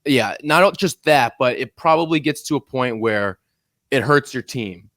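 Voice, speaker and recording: A man's voice: mid-range voice, animated, moderate pace, fairly bright tone, no room sound, studio quality. Upbeat man co-hosting a sports podcast. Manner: upbeat, teasing banter. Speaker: podcast co-host. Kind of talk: casual sports chat.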